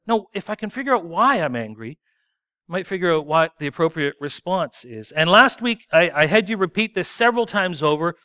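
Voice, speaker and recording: A man's voice: high-pitched, lively intonation, brisk, bright, forceful tone, smooth, dry recording, studio quality. A man preaching a sermon in a conversational, self-deprecating way. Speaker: pastor.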